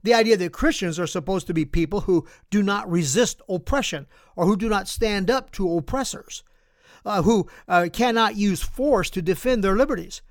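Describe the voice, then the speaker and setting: American male pastor, emphatic sermon storyteller, high voice, dry close sound. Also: moderate pace, no room sound. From United States. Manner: animated, emphatic preaching.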